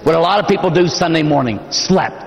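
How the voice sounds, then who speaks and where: A man, a Catholic priest, preaching a dramatic sermon, swinging between loud emphatic passages and hushed, drawn-out phrases. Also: on the high side, lively intonation. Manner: dramatic, impassioned preaching with sudden swells to shouting and drops to near-whisper. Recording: long hall reverb.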